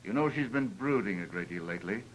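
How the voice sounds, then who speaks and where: A man as a brooding older man, deep voice, soft pleading tone, 1930s film, faint hiss. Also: lively intonation, fast, lightly acted, low-quality recording. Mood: tender. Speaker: house owner.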